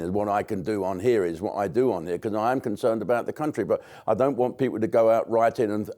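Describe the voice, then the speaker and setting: A man's voice: fairly low pitch, mellow. An older English man, a comedian, delivering a blunt, rambling monologue to camera with frequent swearing and restarts. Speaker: comedian commentator.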